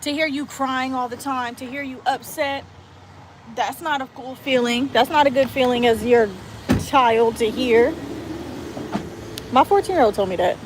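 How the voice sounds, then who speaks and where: A woman's voice: sits high, moderate pace, pauses often. A woman in her thirties talking earnestly and emotionally into a handheld phone, rambling with restarts in a casual vlog. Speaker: vlogger. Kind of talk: casual heartfelt monologue vlog. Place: out and about, walking into a store. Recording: phone recording with loud traffic noise.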